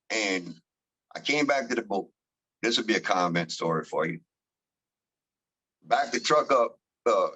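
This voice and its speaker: A man with a South Louisiana accent, a towboat captain telling stories in a casual interview. He talks in an animated, rambling way with slang and frequent laughs, and acts out the voices of his crew. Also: medium pitch, rough recording. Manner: rambling with many restarts and slang.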